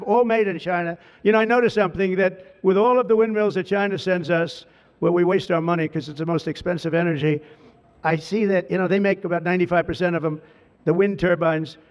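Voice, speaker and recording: An American man giving an ad-libbed public speech at a ceremony, rambling and digressive, repeating lavish praise. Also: high voice. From United States. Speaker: politician addressing a crowd. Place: large outdoor ceremony at an official residence. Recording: dull reverberant public-address sound.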